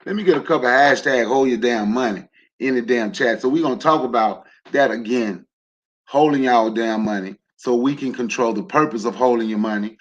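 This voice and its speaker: A man's voice: medium pitch, brisk, dull audio. A man hosting a casual livestream. He talks loosely to his audience, throws in jokes and questions, and rallies his listeners with emphatic repeated lines. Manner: emphatic, rallying. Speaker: livestream host. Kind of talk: casual livestream talk to a chat.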